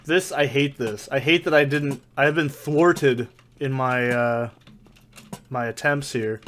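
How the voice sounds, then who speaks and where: A man's voice: medium pitch, unhurried, a bit bright, slight background noise. A man hosting a let's play, talking through his gameplay in a rambling, profane, mock-ranting way. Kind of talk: casual gameplay commentary. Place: soundproofed home corner. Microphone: desk condenser mic with pop filter.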